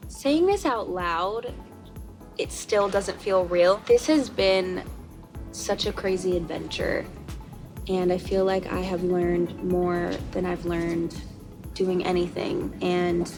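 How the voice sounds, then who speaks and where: A woman's voice: fairly low pitch, steady tone, slow, music in the background. Heartfelt young woman vlogging. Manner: heartfelt and openly emotional. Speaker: brand founder. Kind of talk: casual vlog narration.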